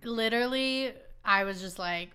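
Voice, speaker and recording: A woman co-hosting a casual podcast, telling stories in an animated way, laughing and swearing often. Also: a little high, normal speed, smooth. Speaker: podcast co-host. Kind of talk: casual chat.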